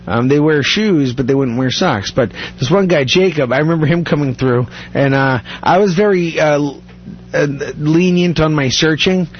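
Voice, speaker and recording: A man's voice: a little high, normal speed, dull audio, a little hiss or hum. A man telling stories in a casual chat, rambling and laughing often. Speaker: guest.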